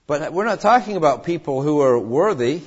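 A man with a high voice preaches a heartfelt sermon. He talks earnestly, softening into tender pleading and stumbling over repeated words. The recording sounds dull and lo-fi. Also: lively intonation, normal speed, husky. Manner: earnest, with tender quoted voices and frequent restarts.

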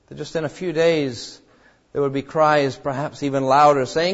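A high-pitched man preaches with strong feeling. He rises to loud cries, then drops to hushed, low lines. The recording sounds dull and lo-fi. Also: measured pace. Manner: emotional, swings between loud cries and hushed low tones; acts out quoted voices in the story. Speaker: pastor. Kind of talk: sermon.

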